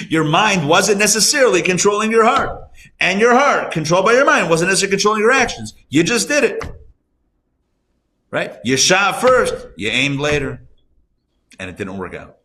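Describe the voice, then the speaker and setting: A man, a rabbi, teaching a live class around a table, conversational and animated, asking rhetorical questions. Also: high-pitched, normal speed, long pauses. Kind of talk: live Torah class lecture.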